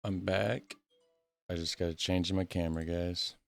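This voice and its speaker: A man's voice: low-pitched, steady tone, a little slow, creaky, dry recording, faint music behind. A young man from Indiana, hosting a reaction video in loose, rambling casual talk, recorded on a phone camera in a small room. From Indiana, USA. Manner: rambling, loose, with fillers and restarts.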